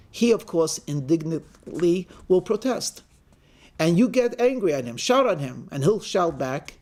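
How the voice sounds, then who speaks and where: Rabbi, male, fairly high voice, lively storyteller. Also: unhurried. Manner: animated storyteller who acts out the characters' lines. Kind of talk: storytelling sermon.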